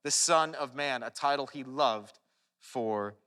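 A man preaching a sermon, earnest and animated, often restarting his phrases. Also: mid-range voice, takes it slowly. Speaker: pastor. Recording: long hall reverb.

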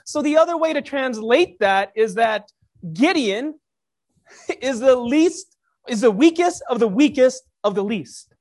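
Animated, conversational preacher. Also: high-pitched, unhurried. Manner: conversational, with jokey asides to the congregation. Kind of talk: sermon.

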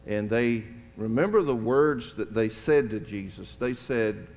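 A middle-aged pastor with a lowish, a little mellow voice preaches expressively, a little slowly and with few pauses. His storytelling sermon is conversational and folksy with chuckling asides, echoing with long reverb in the church sanctuary.

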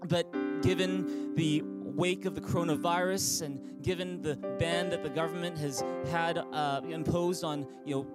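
A man's voice: fairly high pitch, fairly even intonation, unhurried, few pauses, over loud music, low-quality recording. A man preaching as pastor in an online church service, upbeat and inviting, leading listeners in call-and-response. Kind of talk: sermon.

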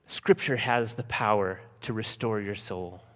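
A man preaching a sermon, slowing for emphasis and acting out scenes from the text in lively voices. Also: fairly low pitch, big-room sound. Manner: lively storytelling, acting out disciples' panic in a raised voice. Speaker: pastor.

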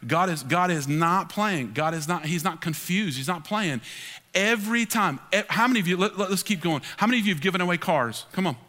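Emphatic pastor preaching in a hall. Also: male voice, high voice, a little fast. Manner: emphatic, animated preaching with acted-out quotes. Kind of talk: sermon. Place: large church hall. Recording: long hall reverb.

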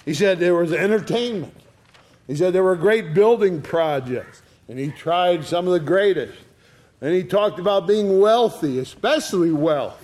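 A man's voice: sits high, animated, normal speed, darkish tone. An older retired man preaching a sermon in a folksy storytelling way, giving quoted lines a dramatic reading. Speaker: pastor.

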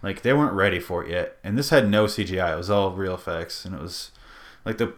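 Man, lower voice, podcast host, rambling, jokey, casual chat. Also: quick pace. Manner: rambling, jokey, swears freely.

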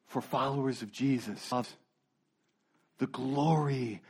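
A pastor preaches earnestly at a slow pace in a husky voice, dropping low and soft for emphasis. He often repeats words while searching for the right ones.

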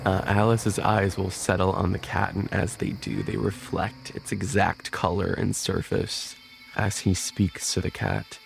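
A man playing a tabletop game, describing his wizard's spellcasting in a measured, drawn-out way. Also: deep voice, vocal fry, faint music behind. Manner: measured, drawn-out, in-character declarations. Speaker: player. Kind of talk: tabletop role-play narration.

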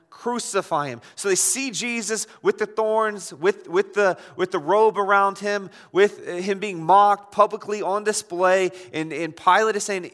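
A man's voice: high voice, fairly bright tone. A man pastor preaching an impassioned sermon, pressing his listeners with rhetorical questions. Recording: long hall reverb.

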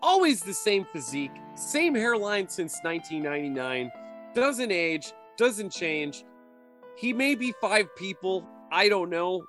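A man co-hosting a comedy podcast, chatting in a playful, jokey way. His voice sits high and sounds bright and sharp, and his pitch swings widely as he riffs. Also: very animated, a little slow, soft background music. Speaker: podcast co-host. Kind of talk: comedic casual chat.

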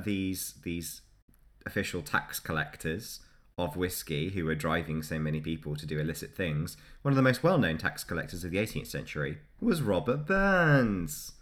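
A man with a very low, deep voice talks through history in a relaxed podcast chat. He laughs easily and keeps the tone loose and conversational between facts. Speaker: podcast host.

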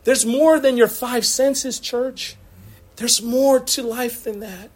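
A man in his thirties preaches to his congregation in a church. His voice sits high for a man, and he talks in a loose, conversational way, breaking into laughs and quick asides between points. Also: fairly even intonation. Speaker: pastor. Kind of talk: sermon. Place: church sanctuary.

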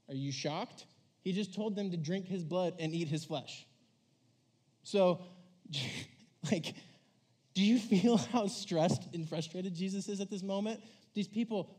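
A man with a high, light voice delivers a casual sermon in a church hall, talking to the room like it's a chat. He is animated and conversational, slipping into little acted voices and leaning on "like" as he goes. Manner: animated, conversational, acts out voices, says "like" often.

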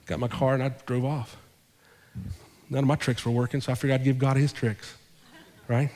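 Animated pastor preaching in a reverberant hall. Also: male voice, mid-range voice, brisk. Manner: animated, acts out both sides of conversations. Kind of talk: storytelling sermon. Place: church sanctuary.

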